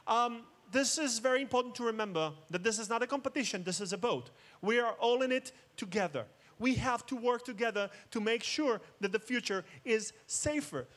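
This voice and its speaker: A man's voice: extremely high pitch, fairly quick, few pauses, a bit bright. A man giving a keynote talk, mixing jokes with dramatic storytelling. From Israel. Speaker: conference speaker. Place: outdoor festival main stage.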